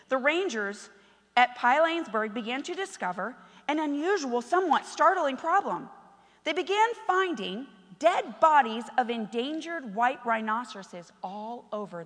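A woman pastor preaching a passionate sermon that swings between loud exhortation and quiet storytelling. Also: fairly high pitch, long reverb tail.

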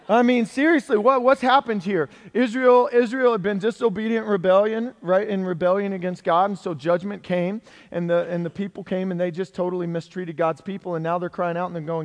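A man preaching a sermon, reading scripture aloud and then talking to his congregation in an animated way, swinging between loud passages and soft ones. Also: high voice, moderate pace. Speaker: pastor.

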